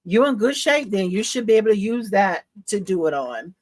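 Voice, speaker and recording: A woman's voice: mid-range voice, sing-song, moderate pace, a little mellow, no room sound. A woman hosting a casual live stream, gushing over her work with squeals and laughs, reading viewer comments aloud and explaining steps. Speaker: livestream host showing embroidery.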